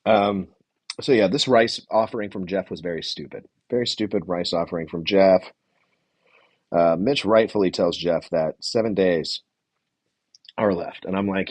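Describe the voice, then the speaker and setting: Low husky guy rambling thru a show recap on stream, dry close mic. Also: normal speed, a little mellow, dry recording. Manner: rambling, chatty, reads from notes and greets chat. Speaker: podcast host recapping a reality show. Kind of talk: casual livestream recap.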